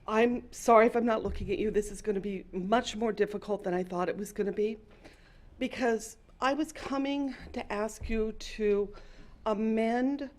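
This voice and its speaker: A woman's voice: mid-range voice, darkish tone. A woman resident speaking at a city planning meeting, earnest and emotional. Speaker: resident giving public comment. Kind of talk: public comment at a city meeting.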